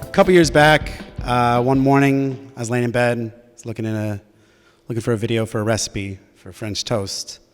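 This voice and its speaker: A young man telling a personal story to an audience, conversational and halting, often restarting his sentences. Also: medium pitch, fairly even intonation, in a large hall, soft background music.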